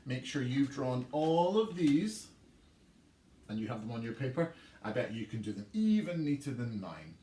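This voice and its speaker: A man's voice: medium pitch, sing-song, moderate pace, dark tone. A man teaching a recorded online music lesson for children, chanting rhythm words and encouraging the pupils. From England. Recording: echoey room, faint noise.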